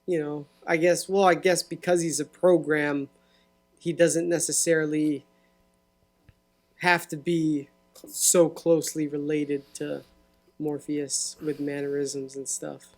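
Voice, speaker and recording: A man's voice: a little high, measured pace, faint music behind. A man co-hosting a podcast, chatting casually and easily agreeing with his partner. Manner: relaxed, agreeable, lots of mm-hmms. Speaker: podcast co-host. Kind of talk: casual chat.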